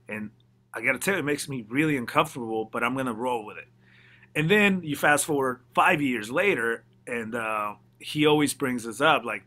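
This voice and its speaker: A man in a casual interview, a mix engineer telling stories with lively energy. He swears freely and slips into quoted voices. His tone is bright and forward, at an ordinary pitch. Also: normal speed.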